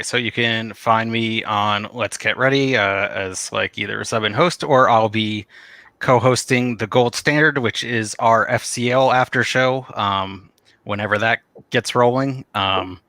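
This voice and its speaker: Male guest, bright forward voice, relaxed, dry sound. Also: lowish voice, moderate pace, dry recording. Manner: relaxed, with frequent ums. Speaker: podcast guest. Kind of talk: casual chat.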